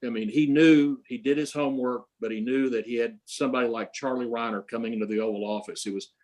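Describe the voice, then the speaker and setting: A man's voice: medium pitch, steady tone, fast talker, a little mellow. An older man, an interview guest, telling long stories with many fillers and restarts. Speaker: interview guest, prize creator. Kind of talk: storytelling in an interview.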